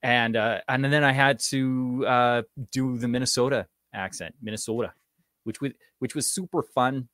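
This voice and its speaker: A man's voice: mid-range voice, measured pace, few pauses, a bit bright, dry recording, clean studio sound. A Canadian man, an actor, chatting casually in an interview with a rambling manner and many fillers. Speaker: actor guest.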